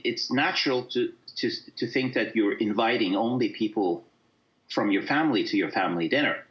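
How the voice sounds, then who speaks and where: A man speaks as a guest in a casual discussion, groping for words with many fillers and restarts. His voice sits at a middling pitch, and the recording sounds dull and lo-fi. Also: a bit bright.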